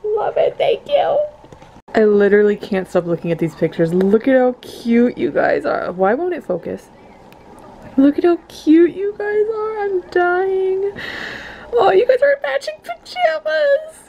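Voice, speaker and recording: A woman's voice: sits high, a little slow, vocal fry, muffled recording, a little hiss or hum. Gushing young woman vlogging at home. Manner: gushing and excitable. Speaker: vlogger and mother. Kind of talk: casual home vlog. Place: family home.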